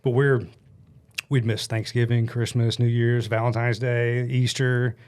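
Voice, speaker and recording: A man, a guest on a podcast, telling a work story in a blunt, animated, casual way with some swearing. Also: mid-range voice, a little slow. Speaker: guest, paintless dent repair business owner.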